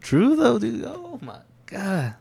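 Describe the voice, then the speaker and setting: A man's voice: high-pitched, huge pitch swings, slow, gravelly, darkish tone, slightly rough, no room sound. A man in a casual movie discussion, laid-back, often saying "dude" and "like".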